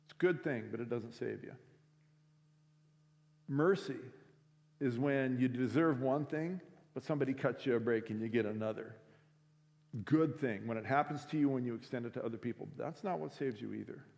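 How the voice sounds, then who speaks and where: Telling a story during a school week of prayer sermon, this speaker voices each person in it for the assembly. He has a creaky, slightly mellow mid-range voice, a moderate pace, and frequent pauses. The recording, made in a large school chapel or auditorium, has long hall reverb.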